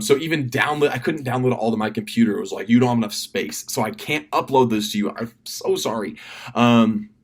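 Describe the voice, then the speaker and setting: Man, camp leader, casual video briefing, fast and rambling, lots of ums and restarts, mid-range voice. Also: medium pitch. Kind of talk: casual instructional video message. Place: indoors at a desk.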